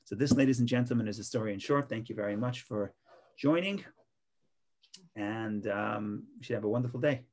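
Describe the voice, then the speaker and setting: A man's voice: fairly low pitch, brisk, darkish tone. A man, a rabbi, teaching an informal online Torah class in a conversational way, often repeating and restarting his words.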